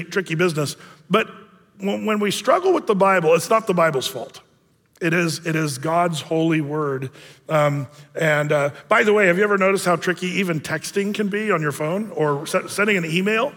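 A man's voice: a little high, normal speed, fairly bright tone, in a large hall. A male pastor giving a sermon in a church, telling stories casually with self-deprecating humor. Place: church sanctuary.

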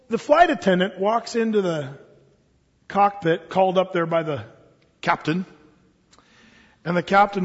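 A man preacher telling a sermon story, dramatic and shifting between hushed and emphatic delivery. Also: high-pitched, husky, in a large hall, highs cut off.

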